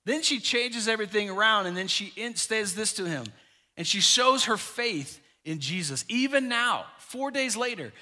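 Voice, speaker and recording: A pastor preaching a sermon with emphatic repetition, dropping quiet for scripture. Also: male voice, high-pitched.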